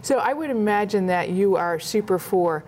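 A woman's voice: mid-range voice, animated, moderate pace, a little mellow, a little hiss or hum. A woman hosting a casual interview, encouraging her guest and restating what the guest has said. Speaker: interview host.

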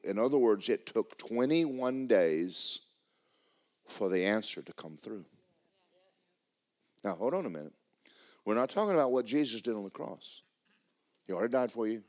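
A man preaching a sermon as pastor in a church, emphatic and repetitive, breaking into fervent shouted prayer. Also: on the low side, lively intonation, moderate pace, long pauses.

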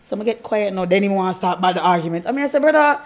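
A woman's voice: medium pitch, animated, rapid-fire, darkish tone. A woman, co-hosting a casual chat, teasing and joking as she tells her own stories. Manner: teasing, joking, chatty storyteller. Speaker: podcast co-host.

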